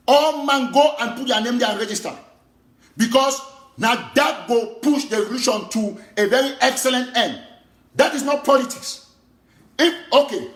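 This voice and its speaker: Impassioned high-voiced Cameroonian activist man. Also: a bit bright, echoey room. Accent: Cameroonian Pidgin English. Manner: impassioned, emphatic, repetitive. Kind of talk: political monologue.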